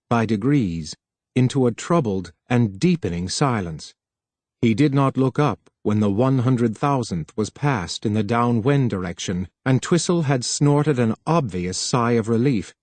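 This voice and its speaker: Steady male audiobook narrator. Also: mid-range voice, no echo. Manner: steady, measured reading. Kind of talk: scripted narration.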